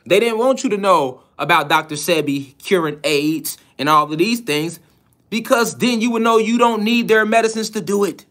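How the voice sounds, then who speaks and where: A man with a somewhat high voice gives a preaching-style lecture to his students. He presses the listener with rhetorical questions and repeats key phrases for emphasis. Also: moderate pace, a bit bright. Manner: hammers points with rhetorical questions.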